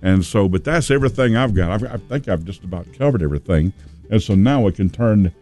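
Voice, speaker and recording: Folksy low-voiced radio host. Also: male voice, animated, a little fast, a little mellow, soft background music. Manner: folksy, rambling, chatty with fillers. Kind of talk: casual local radio talk. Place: radio studio.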